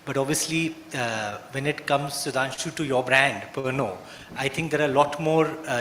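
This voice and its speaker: A man's voice: fairly high pitch, fairly bright tone. A man who moderates a conference panel, asking probing follow-up questions. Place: conference hall. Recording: echoey hall with faint noise.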